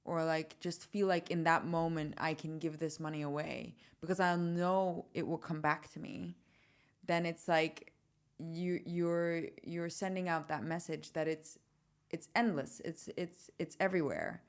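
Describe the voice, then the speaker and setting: A woman's voice: deep voice, fairly even intonation, measured pace. A young woman co-hosting a podcast, chatting casually with lots of fillers and laughter. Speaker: podcast co-host. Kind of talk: casual chat.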